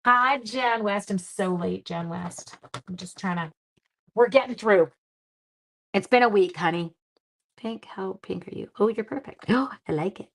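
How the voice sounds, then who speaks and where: Speaking at a measured pace in a mid-range voice with some vocal fry, a middle-aged woman leads a casual crafting stream from her home. She's chatty and self-deprecating, addressing viewers by name as she jokes about her errors.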